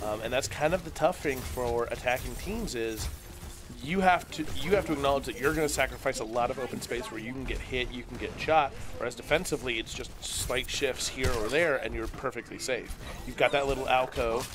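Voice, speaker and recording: A man's voice: medium pitch, brisk. A man doing play-by-play commentary on a college esports match, joking with his co-caster between plays. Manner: joking banter with co-caster, then steady play analysis.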